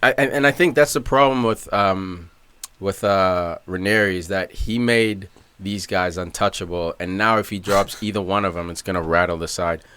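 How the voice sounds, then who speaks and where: A man co-hosting a casual soccer podcast, arguing his points emphatically and quick to agree or push back. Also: deep voice, a bit bright, smooth. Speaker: podcast co-host. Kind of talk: casual sports chat.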